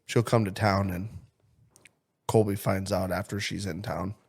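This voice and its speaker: A man's voice: deep voice, level tone, a little slow, vocal fry, darkish tone, slightly rough. A young man co-hosting a podcast in casual, profane banter, joking crudely and swearing constantly. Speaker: podcast co-host.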